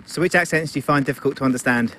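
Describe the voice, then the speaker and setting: Fast-talking street reporter outdoors. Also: male voice, medium pitch. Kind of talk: vox pop questions. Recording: faint outdoor noise.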